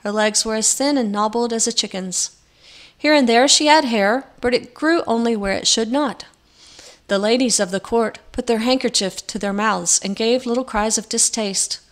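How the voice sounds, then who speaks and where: A woman narrating a storybook in an expressive, measured way. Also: on the high side. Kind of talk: storybook reading.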